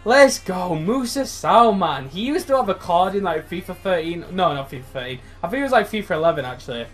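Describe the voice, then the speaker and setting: In this clip, a young man who makes gaming videos on YouTube narrates his own football game as he plays. Full of energy, he cheers his players on and groans at them, his pitch shooting up suddenly each time a scoring chance appears.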